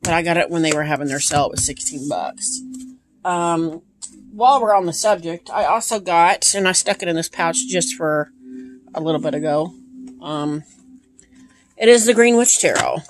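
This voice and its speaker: A woman's voice: fairly low pitch, moderate pace. A woman casually showing tarot decks on camera, gushing with enthusiasm between frequent ums. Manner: gushing, enthusiastic, lots of ums and repeated praise. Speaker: tarot deck collector. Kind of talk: casual show-and-tell vlog. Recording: steady background hiss with handling clicks.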